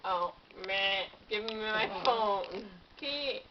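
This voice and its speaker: A woman's voice: mid-range voice, extremely slow. Whiny tipsy woman on a muffled camcorder. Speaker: partygoer. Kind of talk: drunk casual chat. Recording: muffled home camcorder with loud noise.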